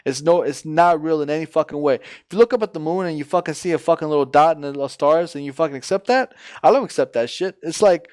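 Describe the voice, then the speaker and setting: A man's voice: on the high side, quick pace, hardly any pauses, darkish tone. A man on voice chat, ranting and arguing with heavy profanity. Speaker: voice chat participant. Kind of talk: heated casual argument.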